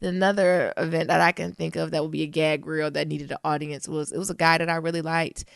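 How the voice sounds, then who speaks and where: A woman with a fairly low voice co-hosting a casual podcast. She teases playfully and acts out the people in her stories. The recording is dry and close. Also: little pitch movement, a little fast, creaky, no echo. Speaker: podcast co-host. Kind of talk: casual chat.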